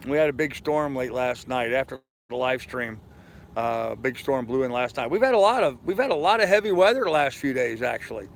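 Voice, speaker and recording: A man's voice: mid-range voice, animated, brisk, vocal fry, a little hiss or hum. A tired man in his fifties chatting casually on a live stream from his anchored sailboat, rambling easily and answering viewers' comments. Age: 50s. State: tired, yawning. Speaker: sailing vlogger reading live chat.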